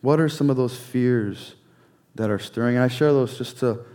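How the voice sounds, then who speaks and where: Earnest male preacher, measured sermon. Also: mid-range voice, dark tone. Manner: earnest, repeats key phrases, drops to a near whisper on quoted promises. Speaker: pastor.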